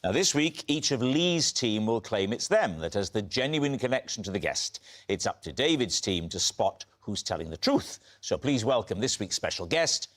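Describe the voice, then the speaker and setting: A man's voice: fairly low pitch, big pitch swings, normal speed, a little hiss or hum. A man hosting a comic panel show, teasing the panel in a playful way. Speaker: game show host. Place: TV studio with live audience. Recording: studio with loud audience laughter.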